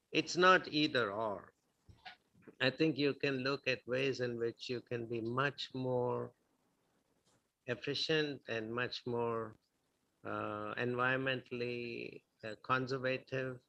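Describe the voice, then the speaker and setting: Calm, gravelly-voiced male lecturer. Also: mid-range voice, poor audio. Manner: smooth and calm. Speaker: guest lecturer. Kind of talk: lecture answer to a question.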